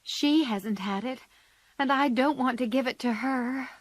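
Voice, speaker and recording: A shy, gentle young girl, as a woman reader puts her on, soft and quiet in a storybook reading, slow and close to a dry mic. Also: sits high, no room sound, pitched above the performer's own voice.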